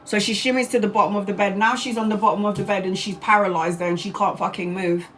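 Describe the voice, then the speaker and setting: Angry, animated woman telling a story. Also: medium pitch, fast, slight background noise. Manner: angry, animated retelling with swearing and acted-out quotes. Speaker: tarot reader livestreaming. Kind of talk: casual storytelling to viewers.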